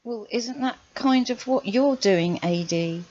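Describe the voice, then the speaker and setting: A woman's voice: a little high, takes it slowly, darkish tone, no echo, lo-fi sound. A woman hosting her channel, commenting on clips with exasperated, sarcastic rhetorical questions. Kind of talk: reaction commentary.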